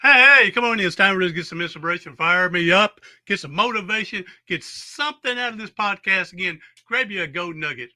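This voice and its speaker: A man's voice: high-pitched, animated, fairly quick, hardly any pauses, bright, forceful tone. A man hosting a podcast, with a folksy, exuberant pep-talk manner and rambling asides. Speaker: podcast host. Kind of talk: casual interview chat.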